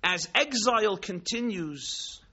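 A man telling a story in a sermon, dramatic, swinging between hushed tones and exclamations, mixing in Hebrew and Yiddish terms. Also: high voice, lively intonation, slow pace, husky. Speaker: rabbi teaching Chassidus. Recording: dull lo-fi recording.

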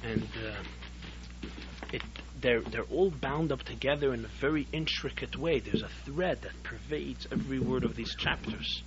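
A man teaching a Torah class as a rabbi, telling a story in an animated way that swells to emphatic peaks. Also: medium pitch, a little slow. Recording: dull lo-fi recording with faint hum.

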